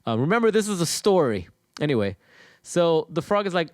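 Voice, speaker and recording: A man's voice: a little high, very animated, a little fast, darkish tone, dry recording, studio quality. A man hosting his channel, talking to viewers in an emphatic, repetitive, profane monologue. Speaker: channel host.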